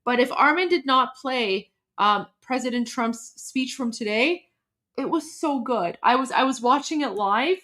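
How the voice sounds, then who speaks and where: A woman from Iran chatting on a casual livestream, emotional and halting, with many restarts and repetitions. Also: high-pitched, animated, fairly bright tone. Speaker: livestream host.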